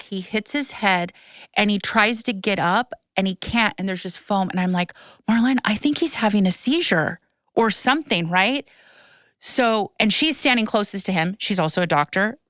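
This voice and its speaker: A woman chatting on her podcast, tumbling through a story with restarts and a curse here and there. Her voice is smooth and clear, and the sound is dry and close with no room around it. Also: medium pitch, moderate pace, no room sound. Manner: animated storytelling, breathless retelling with frequent restarts; swears casually. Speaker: podcast host. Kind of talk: casual chat.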